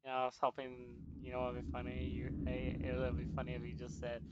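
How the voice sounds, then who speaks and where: A man's voice: medium pitch, completely flat delivery, quick pace, hardly any pauses, muffled recording, background noise. A man chatting casually with a friend while gaming, laughing often and trading playful jabs. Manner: laughs a lot, playful banter.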